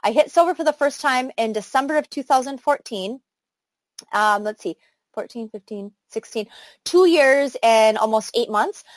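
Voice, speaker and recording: A woman's voice: fairly high pitch, normal speed, dry recording. A middle-aged woman leading a motivational training talk for her sales team, enthusiastic and chatty with many fillers and restarts. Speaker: network marketing team leader.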